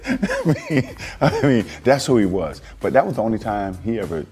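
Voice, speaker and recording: A man, a former basketball player, recounting a story in a relaxed way with a laugh. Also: mid-range voice, unhurried, faint music behind. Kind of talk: interview anecdote.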